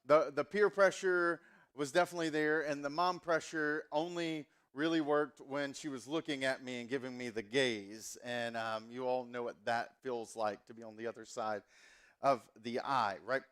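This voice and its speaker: A man's voice: medium pitch, steady tone, moderate pace, a bit bright, clean tone. A pastor in his forties from the Southern US, preaching a sermon in a casual, chatty, self-mocking way with plenty of ums. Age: 40s.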